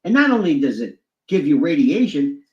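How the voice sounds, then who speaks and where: A guest storyteller spins animated tales at a moderate pace in a sing-song voice, frequently swinging into high impressions of other people. The recording is echoey and has a dull lo-fi quality.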